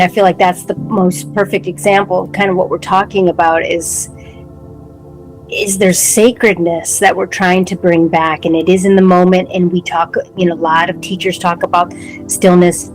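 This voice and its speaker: A woman's voice: fairly low pitch, poor audio. A woman co-hosting a podcast, talking through spiritual ideas in a reflective, word-searching way. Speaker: podcast co-host. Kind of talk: casual spiritual conversation.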